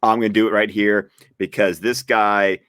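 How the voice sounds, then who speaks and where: A man who works as a teacher, co-hosting a casual stream chat on a webcam and telling stories eagerly in quick bursts. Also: lowish voice, little pitch movement, a bit bright, clean tone, no room sound, studio quality. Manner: eager storyteller, bursts of fast talk. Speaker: teacher and co-host. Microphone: webcam video call.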